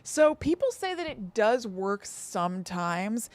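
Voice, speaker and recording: A woman's voice: mid-range voice, big pitch swings, slow, no room sound. A woman co-hosting a podcast, chatting casually and reading an old text aloud, correcting herself and giggling. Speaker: podcast co-host.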